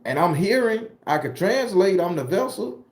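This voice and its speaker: A man's voice: high voice, very animated, normal speed, a little mellow. A man from southern Florida with a Southern US accent, a tarot reader and channel host talking casually on a livestream. He answers live chat comments in loose, profane slang. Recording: echoey room.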